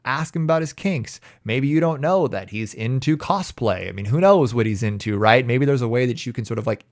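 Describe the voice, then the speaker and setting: A man's voice: on the low side, dry recording, studio quality. A man working as a relationship coach, answering viewer questions on a live stream in a casual way, often restarting his sentences and laughing easily.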